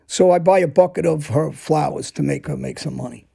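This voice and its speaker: Gravelly, husky-voiced man telling blunt stories. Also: on the high side, a little fast, mellow. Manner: blunt, profane, tells events in present tense. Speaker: storyteller guest. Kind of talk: casual storytelling.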